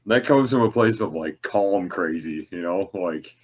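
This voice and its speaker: Brief: male co-host, low husky voice, lively pitch, dull lo-fi mic. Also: unhurried. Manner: giggly, laughs often. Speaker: podcast co-host. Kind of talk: casual chat.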